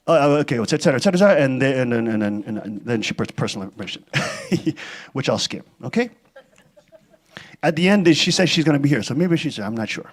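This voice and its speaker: A man's voice: a little high, expressive, quick pace. A church leader, a man, giving rambling, sarcastic commentary and reading out viewer letters.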